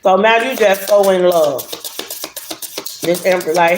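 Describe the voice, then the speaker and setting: A woman giving a casual tarot reading to her viewers, blunt and animated, cursing and laughing freely. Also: mid-range voice, unhurried, pauses often. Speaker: tarot reader. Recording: roomy echo, faint hiss.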